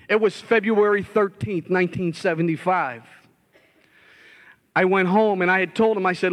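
A man's voice: high voice, fairly even intonation, normal speed. A middle-aged man, a former addict, telling his life story as a passionate testimony sermon. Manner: impassioned storytelling, rising loud when reliving scenes.

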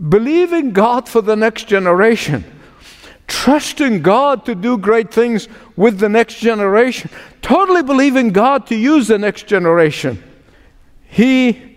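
A male pastor preaching a sermon with emphatic repetition, shifting from slow, drawn-out phrases to quick runs. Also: high-pitched. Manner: emphatic, repeats phrases for stress; shifts between slow, drawn-out and rushed delivery. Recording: long reverb from a large hall.

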